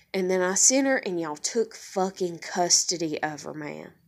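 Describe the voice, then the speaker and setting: A woman's voice: on the low side, animated, moderate pace, hardly any pauses. A woman with a daughter giving a blunt, heated personal rant to camera, swearing nearly every sentence and using y'all and fixing to. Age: adult with a daughter. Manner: profane, heated, swearing constantly; Southern-style speech with y'all and fixing to. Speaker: vlogger.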